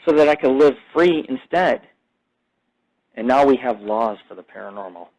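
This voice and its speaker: A male podcast host rambling through a casual monologue, swearing freely and wandering from one topic to the next. His pitch sits right in the middle for a man. The delivery is loose, unscripted and conversational. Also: expressive, normal speed, a little mellow, rough recording. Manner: profane, rambling, jumps between topics.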